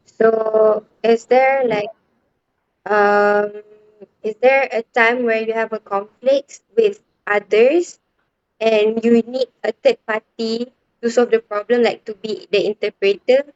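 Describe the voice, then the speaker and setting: Slow-speaking woman interviewer, dull dry sound. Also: on the high side, fairly even intonation, clear, resonant tone, no echo. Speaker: student interviewer. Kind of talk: interview questions.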